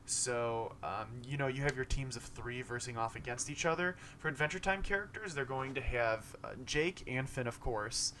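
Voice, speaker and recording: A man's voice: medium pitch, moderate pace, hardly any pauses, pushed and bright, slight background noise. A young man casually recapping a game showcase, rambling, with many fillers and self-corrections. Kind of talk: casual commentary monologue.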